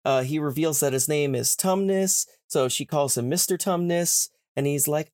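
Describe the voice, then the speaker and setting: A man's voice: fairly high pitch, darkish tone, no echo, studio quality. Young man retelling a story in a chatty way. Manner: retells the plot with quick put-on character voices. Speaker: podcast host. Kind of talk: casual chat, retelling a story.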